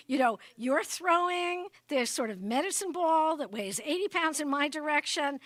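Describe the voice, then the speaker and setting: A woman's voice: high-pitched, expressive, normal speed, hardly any pauses, a bit bright, no room sound. A woman giving a humorous public address as a guest speaker, telling comic stories and often checking in with the audience. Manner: jumps into exaggerated voices for quotes. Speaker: guest speaker at an exhibit opening.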